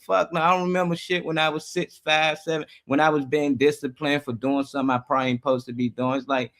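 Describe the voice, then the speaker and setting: A man's voice: medium pitch, a bit bright. A man co-hosting a casual talk show who gives blunt, profane opinions with emphasis and speaks as a parent. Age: adult with children. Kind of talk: casual chat.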